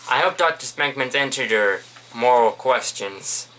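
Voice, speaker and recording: A man's voice: medium pitch, lively intonation, a little slow, fairly bright tone, low-quality recording. A young man rambling casually and jokingly to the camera in a home vlog. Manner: rambling, offhand, jokey. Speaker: vlogger.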